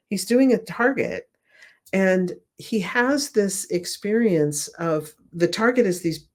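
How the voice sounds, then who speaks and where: A middle-aged woman, a remote viewing instructor, telling stories in a casual interview with enthusiasm, softly acting out quotes. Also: fairly low pitch. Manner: enthusiastic, animated retelling with soft acted quotes.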